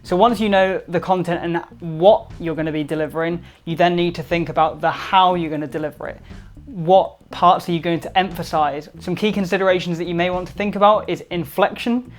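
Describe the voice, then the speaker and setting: A man giving upbeat instructional tips to camera, emphatic and varying his loudness to stress points. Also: high-pitched, fairly even intonation, a little fast. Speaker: presentation skills vlogger.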